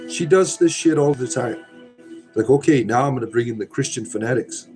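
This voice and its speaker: A middle-aged man chats his way through a livestream, reading viewers' messages and riffing on them with irreverent, sardonic asides. His voice sits at an ordinary middle pitch, and soft music plays faintly behind him. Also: brisk. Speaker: livestream host reading chat. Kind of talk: casual livestream chat.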